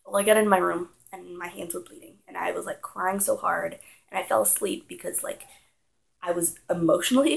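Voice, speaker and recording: Young woman, vlogger, casual storytime delivery with a heavy gravelly fry, acts out her younger self with animated panic. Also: medium pitch, rough recording.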